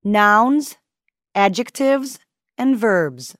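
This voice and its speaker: A woman reading language lesson examples in a measured way, enunciating each word carefully and pausing between words. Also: medium pitch, lively intonation, dry recording, studio quality. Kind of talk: slow, deliberate lesson reading.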